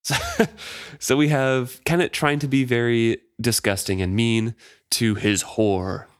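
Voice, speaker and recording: A man's voice: mid-range voice, steady tone, slow pace, clean tone, no echo, studio quality. A man co-hosting a casual book discussion podcast, reading passages aloud and commenting with easy laughs. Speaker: podcast co-host.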